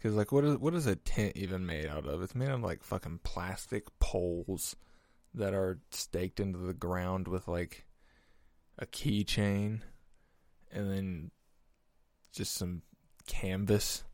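A man with a lowish voice hosts a podcast in a slow, unhurried ramble. He sounds loose and self-amused, tossing in casual swearing. The sound is dry and close. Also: a little mellow, no room sound. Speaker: podcast host. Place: podcast room.

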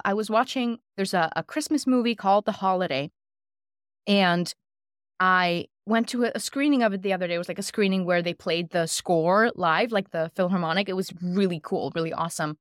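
A woman's voice: medium pitch, fairly bright tone, no room sound, clean studio sound. A woman co-hosting a podcast in casual chat, reflective, quoting her own thoughts aloud. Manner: reflective, quick-spoken, drops into quoted self-talk. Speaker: podcast co-host.

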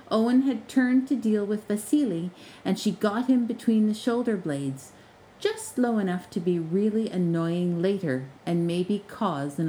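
Expressive woman narrating a story. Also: mid-range voice, a little hiss or hum, low-quality recording.

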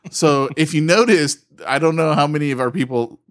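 Animated storytelling male podcast co-host. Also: fairly high pitch, fairly quick. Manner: animated storyteller, acts out phone calls with laughs. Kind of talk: casual podcast chat.

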